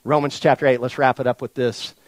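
A man preaching a sermon to a congregation, folksy and animated, swinging from near-shouts down to soft, low lines. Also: fairly quick, no room sound, poor audio. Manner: folksy, addresses the congregation directly. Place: church in front of a congregation.

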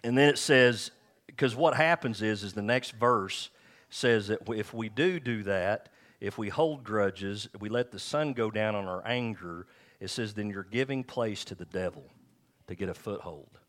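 A middle-aged pastor delivers his sermon in a frank, chatty way, poking fun at himself. His voice sits fairly low, and he slows to a careful pace whenever he reads scripture aloud. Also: fairly bright tone. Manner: conversational, candid, self-deprecating preaching. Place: church.

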